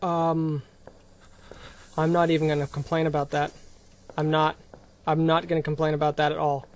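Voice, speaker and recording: A young man streaming live gameplay commentary into a desk microphone, excitable, swearing and talking back at the game. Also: on the high side, normal speed.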